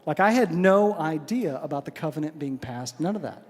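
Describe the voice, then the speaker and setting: A man's voice: on the high side, expressive, moderate pace, husky. A man from Texas, telling wry, self-deprecating stories between songs on stage in a large synagogue. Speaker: singer-songwriter performer. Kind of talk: onstage storytelling between songs. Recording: hall reverb with faint music.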